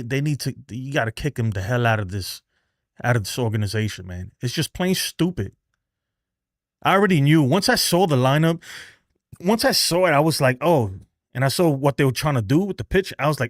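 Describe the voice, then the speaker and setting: A man's voice: a little high, expressive, fairly quick, no room sound, studio quality. Fired-up man ranting on a live stream. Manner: angry, exasperated ranting with swearing; repeats himself and restarts, laughs in disbelief. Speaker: livestream host. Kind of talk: live sports rant.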